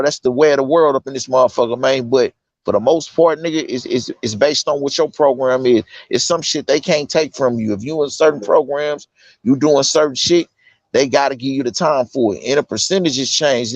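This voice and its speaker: A man's voice: mid-range voice, a little fast, dry recording. An incarcerated man from California talking casually with earnest insistence, heavy with street slang and fillers. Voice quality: loose street slang, fillers like "you know what I'm saying". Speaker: incarcerated guest. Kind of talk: casual conversation. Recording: dull lo-fi sound.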